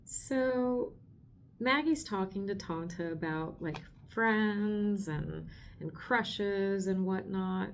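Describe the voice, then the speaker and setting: Slow-talking, emotional woman host. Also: medium pitch, slight background noise. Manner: emotional and gushing, with frequent laughs and trailing restarts. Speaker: podcast host. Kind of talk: casual book discussion.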